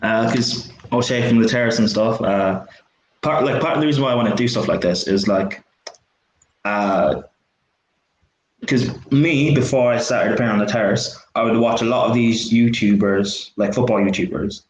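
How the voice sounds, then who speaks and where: A young man hosting a podcast, asking questions in a quick, chatty manner. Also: medium pitch. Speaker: podcast host. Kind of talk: casual interview chat. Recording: echoey lo-fi room with faint hiss.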